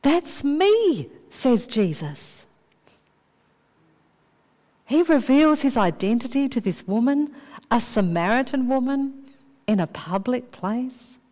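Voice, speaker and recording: A woman preaching a sermon in a measured way, slowing down to dwell on key phrases. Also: on the high side, expressive, dark tone. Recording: long reverb of a large hall.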